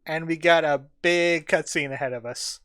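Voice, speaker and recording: A man's voice: fairly high pitch, normal speed, sharp tone, clear, resonant tone. A man hosting a casual let's play, giving playful commentary with joking asides.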